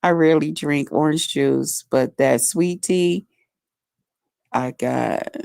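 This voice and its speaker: A woman with a deep, low voice drawls through a relaxed live-stream chat. She takes her time, folksy and chatty. The sound is close and dry. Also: slow pace, gravelly, no echo. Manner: chatty, folksy, reads out viewer comments. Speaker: livestream host.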